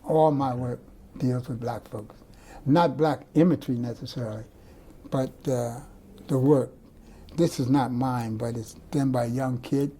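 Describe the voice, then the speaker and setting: Older guy artist rambling thru stories in an interview, warm husky voice, lots of restarts. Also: mid-range voice, fairly even intonation, a little slow. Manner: rambling, digressive storyteller with restarts. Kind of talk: recorded oral-history interview.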